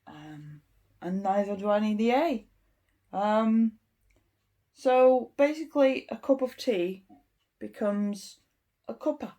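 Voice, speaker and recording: A woman giving an informal language lesson, explaining step by step in an unhurried way with frequent ums. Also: mid-range voice, warm tone. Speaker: English teacher.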